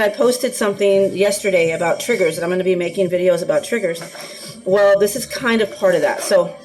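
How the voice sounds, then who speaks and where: A woman's voice: mid-range voice, a little mellow, rough recording. A woman talking casually in a rambling vlog, filling her speech with ums and laughs while she cooks for her dogs. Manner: chatty, rambling, frequent fillers and laughs. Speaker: anxiety vlogger.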